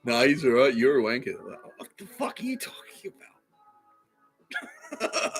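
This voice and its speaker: A man rants through a comedy podcast, swearing freely and cracking up at his own lines. His voice is bright and jumps all over the place in pitch, with a faint music bed underneath. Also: sing-song, moderate pace, low-quality recording. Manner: swearing, laughing through his words, bursts of high-pitched giggling. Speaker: podcast host. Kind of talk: rambling comedic rant.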